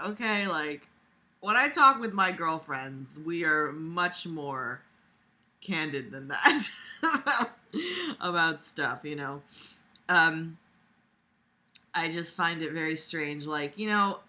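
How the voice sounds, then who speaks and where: Sarcastic woman with a very bright voice. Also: low voice, expressive, takes it slowly, long pauses. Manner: sarcastic, profane, many fillers. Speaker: reader of a fan story. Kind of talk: dramatic reading with mocking commentary.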